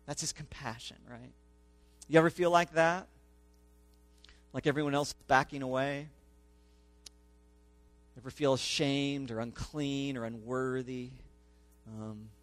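A man's voice: fairly high pitch, dry recording. A man pastor giving a conversational sermon, often checking in with the congregation with "okay?" and "right?".

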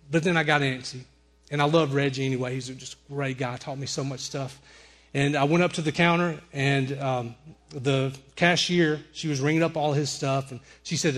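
A middle-aged man preaching a sermon, telling personal stories and softly quoting the people in them. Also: fairly high pitch, normal speed. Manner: storytelling preacher, quotes people in softer voices. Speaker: pastor.

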